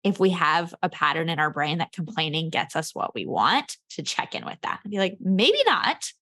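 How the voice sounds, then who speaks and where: A woman hosting a coaching podcast in casual conversation, upbeat and quick to laugh. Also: on the low side, fairly bright tone.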